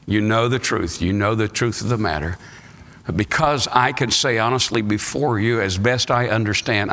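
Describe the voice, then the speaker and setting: Man, American pastor, sermon, lively pitch swings, reverberant church sanctuary. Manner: reads scripture aloud then preaches with rising emphasis. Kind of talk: Sunday school sermon. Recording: live church recording with long reverb.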